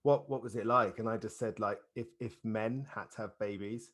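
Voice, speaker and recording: Man hosting, halting and friendly. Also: on the low side, steady tone, fairly bright tone. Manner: hesitant, repeats words, laughs often. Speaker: podcast host. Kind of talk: casual podcast interview.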